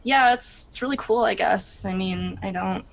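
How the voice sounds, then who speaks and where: A sulky young horned monk girl, played by a woman who brushes things off grudgingly and gets flustered easily. Her voice sits a little higher than everyday talk. A tabletop role-play character. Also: moderate pace, creaky, slight background noise, natural voice.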